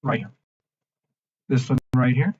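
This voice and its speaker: Livestream host, male, husky voice, brash and mocking, dull lo-fi stream sound. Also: mid-range voice, unhurried. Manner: brash, mocking, profane, swings between shouting and mumbling. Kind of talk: live-stream rant and chart reading.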